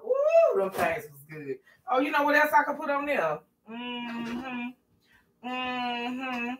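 Bright-voiced chatty woman vlogger. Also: fairly high pitch, slight background noise. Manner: chatty, folksy, laughs often, addresses viewers as "girl" and "y'all". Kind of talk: casual chat to viewers while eating.

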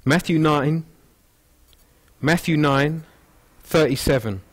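A man's voice: a little high, takes it slowly. A man preaching an expository sermon in a church, talking casually and acting out people's thoughts in quotes, on a wireless mic through the speakers. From England. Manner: conversational, acts out quoted thoughts. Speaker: pastor. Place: church hall.

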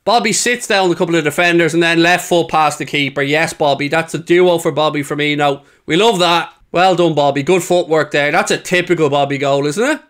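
A young man reacting to football highlights, heated and swearing freely. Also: brisk, hardly any pauses, fairly bright tone. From England. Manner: heated, swearing, frequent outbursts. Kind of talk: casual match reaction commentary.

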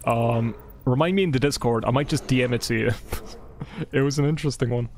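A man's voice: mid-range voice, fairly quick, a little mellow, a little hiss or hum. Chatty male game streamer. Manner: rambling, chatty, swears and jokes with chat. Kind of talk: casual live gameplay commentary. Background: game music.

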